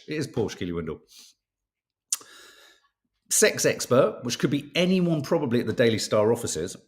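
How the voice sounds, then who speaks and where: Male host, casual chat, animated pitch, cheeky and sweary. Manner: chatty, irreverent, swears casually. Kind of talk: casual chat reading the papers and live comments.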